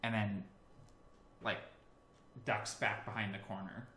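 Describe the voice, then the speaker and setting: A man narrating as game master, with a loose, hesitant delivery full of fillers. His voice is bright and sits in the middle range. The room is echoey, with a faint hiss behind it. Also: lowish voice, little pitch movement, slow pace.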